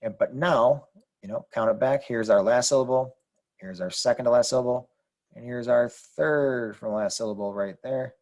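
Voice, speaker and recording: A man explaining Spanish grammar rules over slides in a relaxed way, repeating points with fillers. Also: medium pitch, normal speed, lo-fi sound. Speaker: Spanish teacher.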